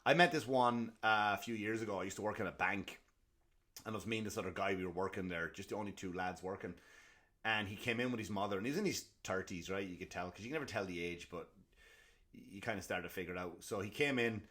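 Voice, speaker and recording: A man's voice: fairly low pitch, fast. Profane rambling man ranting. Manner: profane, rambling, animated storytelling. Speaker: comedy podcast host. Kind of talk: ranting comedic monologue.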